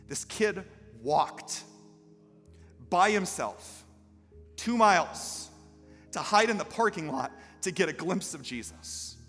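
A man preaching a sermon as a pastor, moving from storytelling to loud, impassioned calls to the congregation. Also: high-pitched, lively intonation, takes it slowly, long pauses. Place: church sanctuary. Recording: live hall reverb with faint music.

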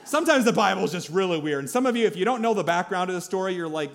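A pastor preaching a sermon at a church service, telling a story in a lively way with asides to the congregation. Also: male voice, high voice, quick pace, slight background noise.

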